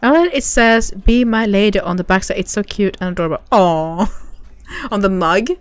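A woman's voice: mid-range voice, normal speed, clear, resonant tone, no room sound. Giggly woman streaming, dry close sound. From Sweden. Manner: bubbly, giggly, reads chat aloud. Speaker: livestream gamer. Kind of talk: casual livestream chat with viewers.

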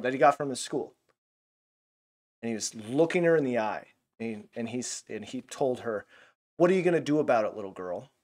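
Man, mid pitch, casual animated Bible teacher, loose and chatty. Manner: casual and animated, many fillers. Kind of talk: Bible lesson.

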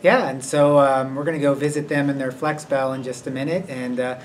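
A man's voice: medium pitch, fairly even intonation, a little fast. A man on school staff presenting character awards in a casual, unscripted announcement, rambling and hesitant with many fillers. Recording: distant mic with faint noise.

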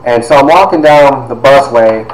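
A man, a university instructor, telling stories from his life to his class, lively and sometimes dropping into hushed asides. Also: mid-range voice, normal speed, roomy sound, poor audio. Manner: animated storyteller, drops to hushed asides. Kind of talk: storytelling lecture to a class.

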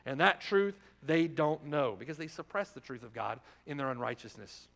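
Male pastor, sermon, pitched a bit high, punchy rhetorical questions, long church reverb. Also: lively intonation, normal speed, gravelly. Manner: emphatic, rhetorical questions, swings from loud to hushed. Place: church sanctuary.

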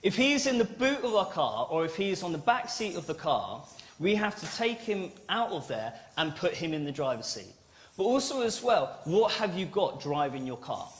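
High-voiced preacher. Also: male voice, very animated, normal speed. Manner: playful, acts out little dialogues. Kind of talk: family-service sermon. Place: church.

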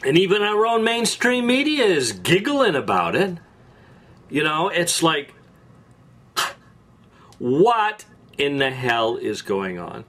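An angry man rants as the host of an opinion show, his voice sitting high for a man. He talks in sarcastic bursts, stumbling and restarting as his anger builds. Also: wildly swooping pitch, takes it slowly, long pauses, a bit bright. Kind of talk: political opinion monologue.

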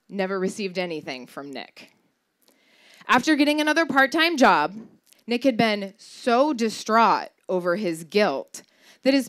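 Woman, 30s, stage storyteller; wry, candid delivery with a very animated melody. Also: medium pitch. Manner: wry, candid, swears for comic emphasis. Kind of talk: live personal storytelling performance.

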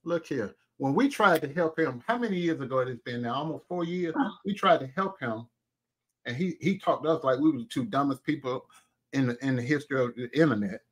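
A man co-hosting a casual commentary show, given to loud laughing fits and mock prayers. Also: medium pitch, animated, fairly quick. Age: older. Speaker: co-host.

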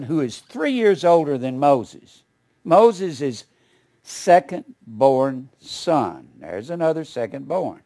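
A man's voice: a little high, darkish tone. Folksy older man teaching a Bible study. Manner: folksy, rambling, with asides and chuckles.

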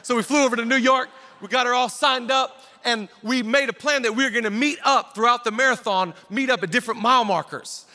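A male pastor preaching a conference sermon, telling a personal story and breaking into shouted exhortations. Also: extremely high pitch, brisk, few pauses.

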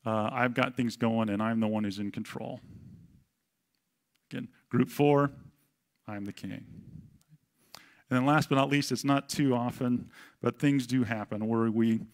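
A middle-aged male pastor preaching in a relaxed, conversational way, using fillers and acting out quotes. His voice sits at an ordinary pitch and carries a gravelly, creaky edge. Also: moderate pace. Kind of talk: casual sermon.

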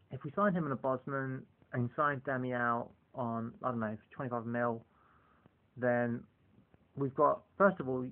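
A man's voice: medium pitch, gravelly. A man talking casually in a rambling monologue, filling his sentences with "you know" as he talks football. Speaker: football fan vlogger. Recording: tinny phone-like lo-fi audio.

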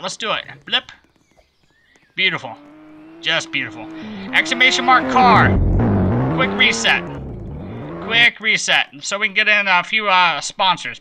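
Bright, playful man streaming a game. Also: high-pitched, a little hiss or hum, poor audio. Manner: playful, chatty, greets viewers by name. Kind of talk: live game stream commentary.

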